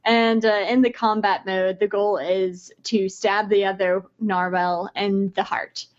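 A woman's voice: mid-range voice, little pitch movement, a little slow. A woman co-hosting a podcast, chatting casually about video games, laughing often between many ums and uhs. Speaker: podcast co-host. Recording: dull lo-fi sound.

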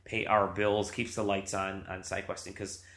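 A man's voice: deep voice, level tone, moderate pace, a bit bright. A man hosting a casual podcast, laughing often and rambling through restarts. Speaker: podcast host.

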